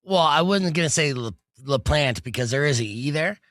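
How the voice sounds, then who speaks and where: A man's voice: on the high side, animated, normal speed, a bit bright, no room sound. A man hosting a radio talk show, chatting casually and loosely with many fillers. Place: radio studio. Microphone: studio mic.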